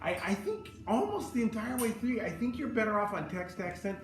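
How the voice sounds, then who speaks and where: A man's voice: high voice, sing-song, fairly quick. A man teaching choral conducting, giving feedback and singing short phrases to demonstrate. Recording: roomy hall, from a distance, with music.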